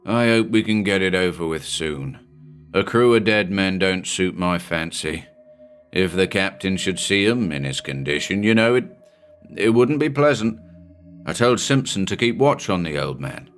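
A man's voice: low-pitched, animated, moderate pace, soft background music. A man reading as a jittery, frightened ship's mate. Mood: uneasy. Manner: hysterical, agitated protests. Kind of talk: audiobook character reading.

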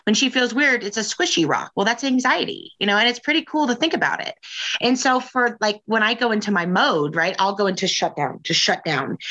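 Bright-voiced frank woman in her forties. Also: medium pitch. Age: 40s. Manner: frank and rambling, with frequent fillers and profanity. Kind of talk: candid casual conversation.

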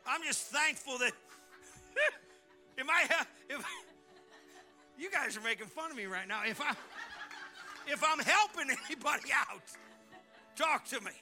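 A male pastor giving a folksy, animated sermon, often restarting his words. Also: extremely high pitch, moderate pace, pauses often, faint music behind. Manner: folksy, animated and joking, with repeated word restarts.

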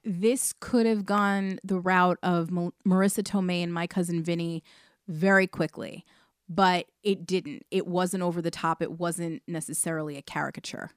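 Woman co-host from New York, calm and measured in debate, dry close sound. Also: on the low side, clean tone, no echo. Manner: measured, pushes back calmly. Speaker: podcast co-host. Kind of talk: casual review chat.

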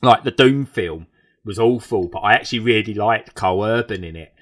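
A man from England reviewing a TV show in casual, animated chat, rambling with frequent restarts. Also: lowish voice, a little fast.

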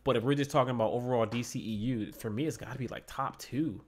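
A man co-hosting a podcast, chatting casually about a film, excitable and often repeating words as he goes. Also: mid-range voice, fast talker. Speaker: podcast co-host. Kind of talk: casual movie review chat. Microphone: podcast microphone.

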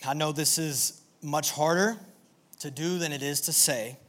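A man preaching a sermon to a live audience in an animated, energetic way, with call-and-response. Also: on the high side, measured pace. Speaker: pastor.

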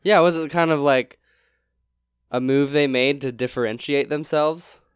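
Easygoing guy chatting on a podcast, smooth clear voice, dry room. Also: on the high side, unhurried, no room sound. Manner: easygoing, short agreeing replies. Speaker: podcast co-host. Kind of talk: casual chat. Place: podcast studio.

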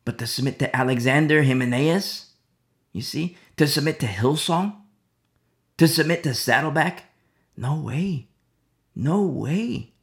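Male preacher, gravelly, slightly high, casual Bible talk with hushed emphasis and mock dialogues. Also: unhurried, long pauses. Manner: repetitive, drops to near-whispers for emphasis, acts out mock dialogues. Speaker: pastor. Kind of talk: conversational Bible teaching.

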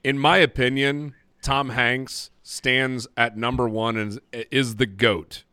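A man's voice: mid-range voice, flat delivery, slow, pushed and bright, clear, resonant tone, no room sound. A man chatting casually on a podcast, teasing friends and stating strong opinions. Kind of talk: casual chat.

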